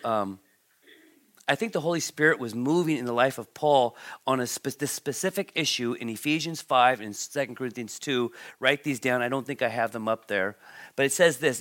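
A man preaching a sermon as a pastor, reading scripture and asking the congregation questions, with emphatic bursts and quiet asides. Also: mid-range voice. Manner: emphatic, swings between loud stresses and quiet asides, repeats words.

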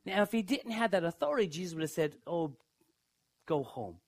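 A man preaching a sermon, emphatic, who asks his listeners questions and swings from hushed to loud. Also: expressive, brisk. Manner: emphatic, dramatic swings in pitch and loudness. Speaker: pastor.

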